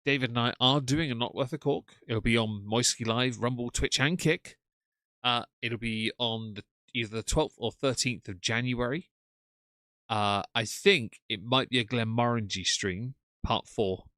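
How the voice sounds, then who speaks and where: A man's voice: medium pitch, normal speed, sharp tone, no room sound. A man hosting a live stream, commenting in a sarcastic, mocking way.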